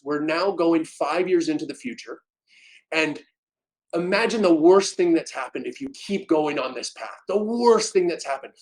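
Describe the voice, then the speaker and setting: A man, a podcast guest, telling an emotional personal story in an animated, dramatic way that swings between loud and soft. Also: a little high, low-quality recording.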